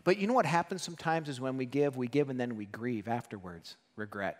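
A man preaching a sermon to a congregation, animated and joking, acting out quoted voices. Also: medium pitch, fairly quick, hardly any pauses, in a large hall. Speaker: pastor. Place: church hall.

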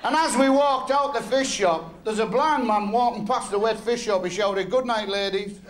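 A man from North West England with a Northern English accent, telling crude jokes bluntly and quick-fire as a stand-up comedian on stage. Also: high-pitched, a crowd in the background, background noise.

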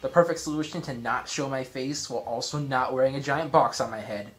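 A man's voice: medium pitch, brisk, a bit bright, soft background music. A man chatting casually to the camera in a jokey, self-mocking way.

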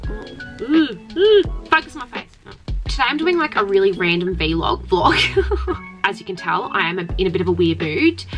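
Giggly, sweary young woman vlogging. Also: lowish voice. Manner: giggly, hyper, sweary, rambling. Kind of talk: casual vlog talk to camera. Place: caravan, indoors.

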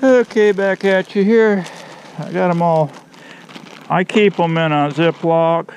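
A man's voice: high voice, steady tone, takes it slowly, darkish tone, muffled recording. A man from Florida, chatting casually to viewers and his bees while he works the hives outdoors. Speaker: beekeeper vlogger. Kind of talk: casual chat while working. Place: outdoors at beehives. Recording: insect buzz and outdoor noise.

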